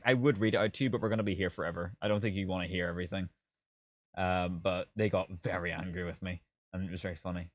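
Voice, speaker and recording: A man's voice: mid-range voice, no room sound. A man who reviews games, chatting casually on a live stream and reacting to viewer comments with sarcasm, swearing and disbelief. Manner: exasperated, sarcastic, laughing, swearing.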